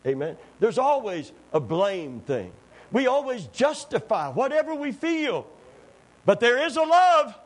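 An impassioned preacher with a high voice that leaps all over the place. He tells folksy stories and jokes, then climbs to fervent, near-shouted appeals. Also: sing-song, a little slow, poor audio. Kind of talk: sermon.

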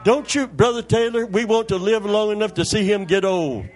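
A man's voice: sits high, normal speed. An older man, a pastor preaching a Pentecostal sermon in a church, joking in a folksy way and calling on the congregation for amens.

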